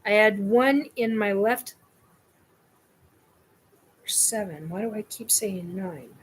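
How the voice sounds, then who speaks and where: A woman's voice: medium pitch, slow pace, husky. A woman hosting her own show, telling a personal experience in a scattered, rambling way. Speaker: host.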